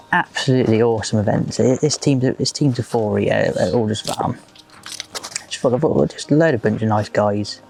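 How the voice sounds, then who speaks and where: A man's voice: on the low side, gravelly, a little mellow, a little hiss or hum. A man giving a rambling, casual commentary while fishing outdoors at a lake. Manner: chatty, rambling, leans on fillers like "just". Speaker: match angler presenting the video.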